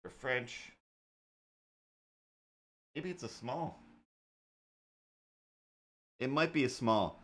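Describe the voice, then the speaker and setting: A man's voice: mid-range voice, lively intonation, extremely slow, pauses often. A man hosting a casual drawing livestream, talking in a rambling, jokey way with lots of fillers and asides. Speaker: livestream host and artist.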